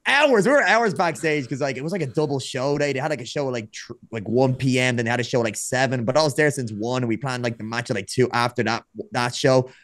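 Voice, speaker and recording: A man, a podcast guest telling wrestling stories in a casual, animated way, acting out quoted dialogue. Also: medium pitch, fast talker, hardly any pauses, no echo, clean studio sound. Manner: animated, acts out quoted dialogue, frequent restarts. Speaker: podcast guest, former wrestler turned streamer. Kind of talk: casual storytelling chat.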